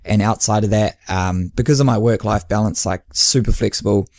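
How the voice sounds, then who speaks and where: New male podcast host and coach, lowish voice, dry; animated storyteller. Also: brisk, no echo. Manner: chatty storyteller who acts out quoted dialogue with laughs. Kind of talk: casual podcast chat.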